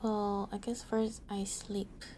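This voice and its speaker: A woman's voice: mid-range voice, flat delivery, slow pace, mellow, a little hiss or hum. A young adult woman streaming a game, musing and hesitating with frequent "um"s as she plays. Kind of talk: casual gameplay commentary.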